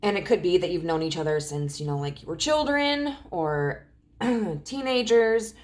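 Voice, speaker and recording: A woman in her thirties gives a casual tarot reading, rambling with many fillers and often clearing her throat as her voice cracks. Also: low-pitched, darkish tone. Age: 30s. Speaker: tarot reader.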